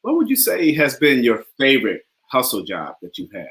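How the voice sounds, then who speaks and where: A man's voice: medium pitch, wildly swooping pitch, normal speed, fairly bright tone. A young adult man hosting a casual interview, upbeat and encouraging, often laughing. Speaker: talk show host.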